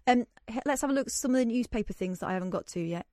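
A woman's voice: a little high, expressive, rapid-fire, mellow, no echo, studio quality. A woman hosting a radio show, chatting casually and reading news aloud with joking asides. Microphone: studio microphone.

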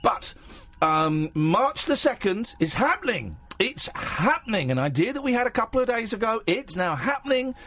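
A man's voice: high voice, sing-song, normal speed, fairly bright tone. A man hosting a casual phone-in radio show in a studio, chatty, jokey and rambling. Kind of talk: casual late-night radio chat. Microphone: studio microphone with headphones.

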